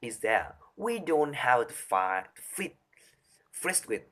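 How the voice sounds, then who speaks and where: A man reciting a speech from memory, halting and restarting often as he stumbles over words. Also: mid-range voice, big pitch swings, pushed and bright. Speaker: speaker rehearsing a talk on voice.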